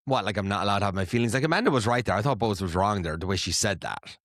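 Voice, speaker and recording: A man's voice: fairly low pitch, expressive, racing, fairly bright tone, no echo, clean studio sound. A man co-hosting a podcast, chatting casually and gossiping, swearing freely and acting out what others said. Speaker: podcast co-host. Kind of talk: casual chat.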